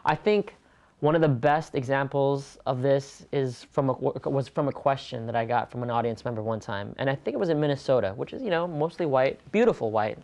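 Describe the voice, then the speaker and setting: A man from California in a relaxed interview, talking earnestly and in an animated way, laughing easily between points. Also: mid-range voice, a little fast, creaky. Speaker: interview guest, stage performer. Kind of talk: conversational interview.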